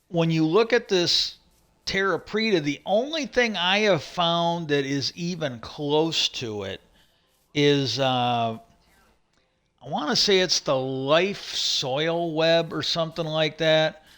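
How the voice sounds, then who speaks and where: Casting note: male livestream host, slightly higher voice, casual rambling storyteller, plenty of fillers and restarts. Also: animated, slow pace, long pauses, a bit bright, clear, resonant tone. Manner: retells stories with many "he goes", frequent restarts and fillers.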